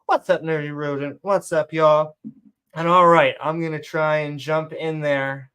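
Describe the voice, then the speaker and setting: A woman hosting a live online call show, reading shout-outs to supporters and dropping sarcastic jokes in a sing-song voice. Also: sits low, steady tone, measured pace, clean tone. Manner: joking, sarcastic asides, sing-song bursts. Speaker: show host.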